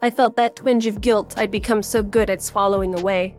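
A woman's voice: mid-range voice, fairly even intonation, a little fast, a little mellow. A woman narrating a first-person story with a wry, sardonic tone, faint music underneath.

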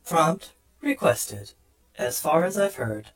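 A man narrating an audiobook voices a cold computerized mech system making flat, clipped announcements. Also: fairly high pitch, slow pace, voice pushed up. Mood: mechanical. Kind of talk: audiobook character voice.

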